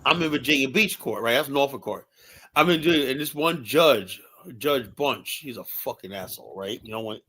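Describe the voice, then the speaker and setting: A man's voice: mid-range voice, animated, normal speed, fairly bright tone, breathy edge. A man telling long, rambling stories in a heated casual debate, swearing freely and tagging nearly every sentence with 'right?'. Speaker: panelist.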